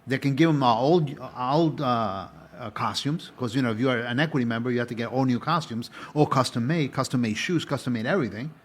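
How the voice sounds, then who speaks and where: Husky man recalling his acting career. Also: mid-range voice, quick pace, hardly any pauses. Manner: rambling, with restarts. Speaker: guest, former stage actor. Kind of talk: casual interview chat.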